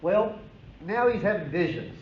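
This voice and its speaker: A man's voice: sits high, big pitch swings, unhurried, a little hiss or hum. Male history professor, emphatic storytelling lecture, casual asides, roomy dull recording. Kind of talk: classroom lecture.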